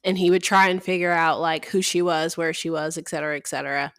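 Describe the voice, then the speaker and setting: A woman co-hosting a book podcast retells a plot in loose, casual chat. Her voice sits a little low and is recorded dry and close. She drops in animated acted-out lines as she goes. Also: fast, dry recording. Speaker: podcast co-host.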